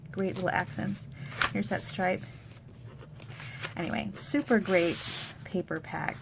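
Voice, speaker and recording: An upbeat woman gives a casual crafting tutorial, chatty and friendly as she shows off each supply. Her voice has a gravelly, fry-tinged edge. A faint hum of noise sits under the recording. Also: on the low side. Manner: upbeat, chatty product walkthrough. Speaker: card-making demonstrator.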